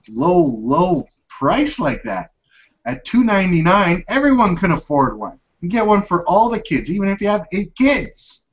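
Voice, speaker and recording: A man's voice: a little high, low-quality recording. Chatty upbeat man hosting a tech show. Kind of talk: casual tech podcast chat.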